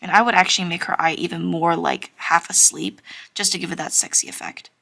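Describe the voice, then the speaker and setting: A young woman talks through a drawing tutorial in a casual, rambling way, full of fillers and shy little laughs. Her voice sits somewhat low and has a bright tone with noticeable vocal fry. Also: steady tone, brisk. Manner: chatty, many fillers, giggly and self-conscious. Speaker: drawing teacher.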